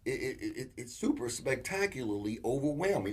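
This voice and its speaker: A man co-hosting a casual relationship talk show, telling animated stories and acting out quotes. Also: medium pitch, fairly quick. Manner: animated storyteller, acts out quotes. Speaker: co-host.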